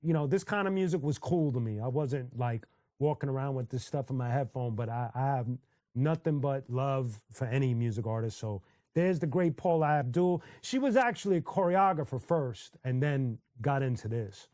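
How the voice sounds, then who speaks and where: In clean studio audio without room sound, a mid-range male voice moves at a moderate pace while hosting a relaxed live stream. He tells stories in a loose, animated way, slipping into bits of song and frequent laughter.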